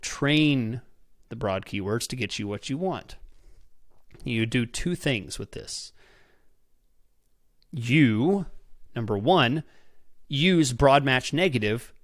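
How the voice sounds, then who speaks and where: A male podcast host with a mid-range voice walks through a method step by step in studio-quality audio with no echo. He often checks in with "okay?" and repeats words when restarting sentences.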